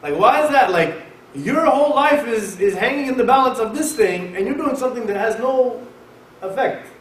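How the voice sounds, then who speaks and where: A man giving a conversational sermon at a mosque, lecturing in an emphatic, animated way. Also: extremely high pitch, normal speed. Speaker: mosque speaker. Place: mosque hall. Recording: echoey hall, mic far off, faint hiss.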